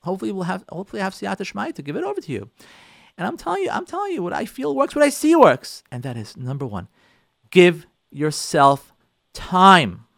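Animated, high-pitched rabbi. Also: male voice, rapid-fire, gravelly, no echo, studio quality. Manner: animated, repeats phrases for emphasis. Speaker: rabbi and show host. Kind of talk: motivational talk on marriage.

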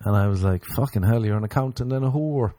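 A man hosting a podcast, telling crude stories in a casual, joking way and mimicking other people in higher voices. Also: quick pace, dark tone, no room sound. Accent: non-local, remarked on by others. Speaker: podcast host. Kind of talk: casual storytelling chat.

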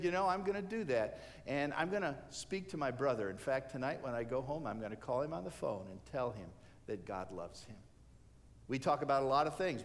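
A man preaching a sermon, telling a story and acting out the lines of the people in it. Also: a little high. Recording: hall reverb.

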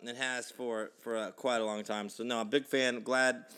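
A man's voice: medium pitch, level tone, moderate pace, fairly bright tone, clean tone. A man co-hosting a casual sports podcast, rambling with restarts and swearing. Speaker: podcast co-host.

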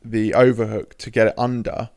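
A young man in easygoing podcast chat, his voice mid-pitched and recorded close and dry. He talks with quick, sweary interjections. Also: little pitch movement, darkish tone, dry recording. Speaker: podcast co-host. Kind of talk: casual chat.

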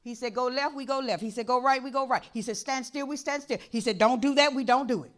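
A woman pastor preaching a sermon in a church, impassioned and repetitive, dropping to a hush and then rising to shouts. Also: high-pitched, fast talker. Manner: impassioned, repeats phrases, swings from hushed to shouting.

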